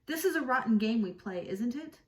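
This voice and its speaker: A woman's voice: a little high, lively intonation, brisk, roomy sound, distant mic, natural voice. A woman reading aloud the lines of a guarded, moody young woman in love from a novel. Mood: weary. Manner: read aloud plainly from a novel.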